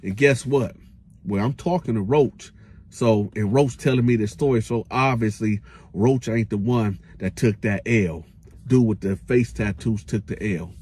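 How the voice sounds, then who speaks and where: A man's voice: fairly low pitch, unhurried, a little mellow, breathy edge. A man telling a casual storytime tale in slangy speech, acting out the quotes and making sound effects with his voice.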